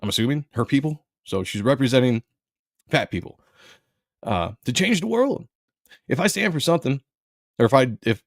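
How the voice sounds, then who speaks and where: A man hosts a live stream in a blunt, sarcastic commentary style, stopping to read out viewers' comments. His voice is gravelly and swings widely in pitch. The sound is dry and close, with no room around it. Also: very animated, unhurried, pauses often, no room sound. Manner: blunt, sarcastic, reads chat aloud. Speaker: live show host.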